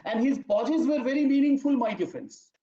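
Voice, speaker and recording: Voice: high voice, animated, moderate pace, warm tone. A lecturer gives an online talk to teachers. The lecturer stresses words firmly, often checks in with the audience, and calls them dear friends. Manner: emphatic, checks in with "fine?", addresses "my dear friends". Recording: roomy, dull lo-fi online audio.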